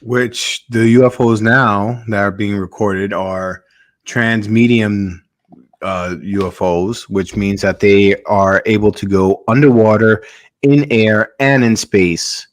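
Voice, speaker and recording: Podcast host guy, lowish voice, kinda rambly and hesitant, dry close sound. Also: steady tone, slow, no room sound. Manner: rambling, hesitant, many fillers and restarts. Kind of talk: casual podcast chat.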